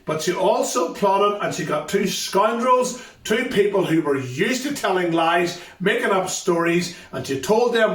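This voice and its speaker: High-voiced man telling a Bible story. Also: normal speed, few pauses. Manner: storytelling, emphatic repetition. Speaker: youth ministry speaker. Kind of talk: school assembly Bible story. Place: assembly hall. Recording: echoey hall, far from mic.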